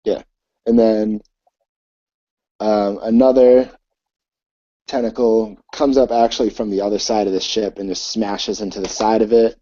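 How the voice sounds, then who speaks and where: A man narrating as game master for a tabletop game, talking in a halting way with many ums and restarts. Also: lowish voice, level tone, warm tone, no echo, muffled recording.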